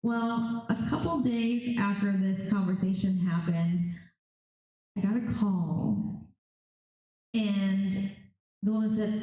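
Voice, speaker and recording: A woman's voice: mid-range voice, steady tone, takes it slowly, pauses often, warm tone, faint music behind. A woman medium telling stories on a convention panel, animatedly acting out the voices of spirits and clients. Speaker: psychic medium. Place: large convention hall. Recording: very echoey hall.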